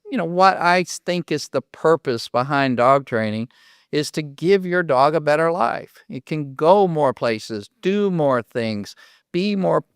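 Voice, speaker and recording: Older Oklahoma man with a smooth voice. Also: mid-range voice, dry recording, clean studio sound. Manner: folksy storyteller, acts out dialogue. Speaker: podcast host and dog trainer. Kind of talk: casual podcast monologue with stories.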